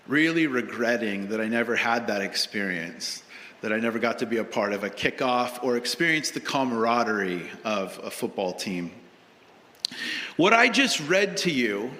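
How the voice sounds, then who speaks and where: A man's voice: medium pitch, pushed and bright. A male pastor preaching a sermon in a conversational, humorous storytelling way, in a large church sanctuary with long reverb.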